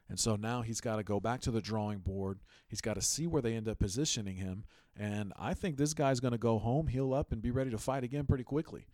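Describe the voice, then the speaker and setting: A man's voice: on the low side, dry recording, studio quality. A man hosting a sports podcast, giving casual, emphatic commentary and telling stories with energy. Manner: animated, emphatic storytelling. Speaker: podcast host.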